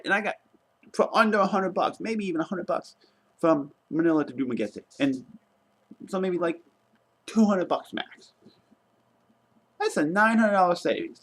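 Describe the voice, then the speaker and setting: A young man vlogging casually, retelling a travel mishap in an exasperated, animated way and swearing now and then. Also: on the high side, moderate pace, pauses often. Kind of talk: casual travel vlog rant.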